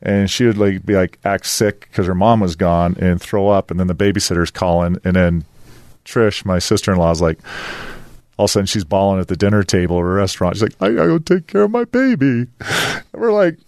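A low-pitched, darkish voice with flat delivery comes from a co-host in his fifties, speaking a little fast in a casual podcast chat full of fillers, rambling and frequent laughter. It's a dry, studio-quality recording.

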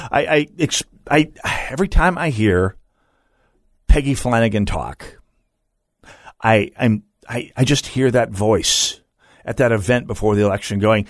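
A man's voice: mid-range voice, no echo, clean studio sound. A man hosting a political talk radio show, delivering a sardonic, mocking monologue with frequent stammered restarts.

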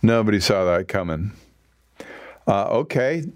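Lower-voiced man hosting, rambling casually. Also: animated, unhurried, no echo, studio quality. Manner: rambling, self-correcting. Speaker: host. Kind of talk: casual chat.

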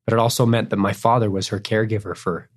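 A man's voice: on the low side, little pitch movement, quick pace. A middle-aged man, a cellist and guest, telling emotional family stories in earnest, tearful bursts that go off on tangents. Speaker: cellist guest on a faith podcast. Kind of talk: emotional interview storytelling.

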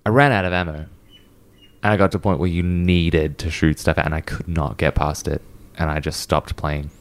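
A man's voice: low voice, little pitch movement, moderate pace. A man co-hosting a casual gaming podcast, telling stories and joking sarcastically. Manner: storytelling, playful, sarcastic jokes. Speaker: podcast co-host. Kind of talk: casual chat.

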